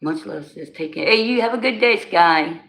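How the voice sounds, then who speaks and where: A woman's voice: lowish voice, animated, moderate pace, gravelly, fairly bright tone. A woman in her forties with a New Jersey accent, hosting a casual livestream and chatting loosely with her viewers, greeting them by name in slangy talk. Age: 40s. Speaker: livestream host. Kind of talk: casual live-stream chat. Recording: roomy with faint background noise.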